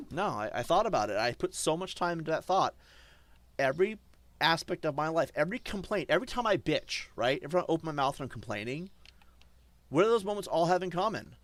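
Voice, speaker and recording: Male streamer, defiant rant, high voice, dry sound. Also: no echo. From German. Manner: ranting, defiant, swings between loud outbursts and muttering.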